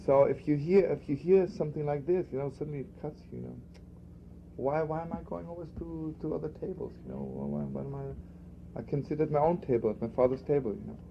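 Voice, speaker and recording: A rabbi giving an informal spoken lesson, talking conversationally and repeating himself for emphasis. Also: male voice, fairly high pitch, fast talker, gravelly. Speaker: rabbi teaching a class. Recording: dull lo-fi archival recording with faint background noise.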